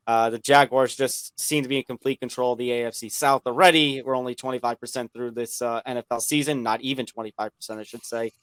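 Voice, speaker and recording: A man on a sports podcast panel, giving picks in relaxed casual talk. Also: mid-range voice, quick pace, hardly any pauses, clean tone, no echo.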